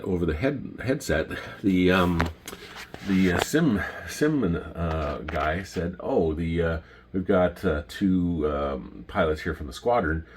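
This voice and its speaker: A middle-aged Canadian man with a Canadian accent, telling casual stories about his flying days and pausing often with ums and restarts. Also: a bass voice, slightly rough. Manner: rambling, many ums and restarts. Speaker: retired pilot showing his patches. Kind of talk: casual storytelling to camera.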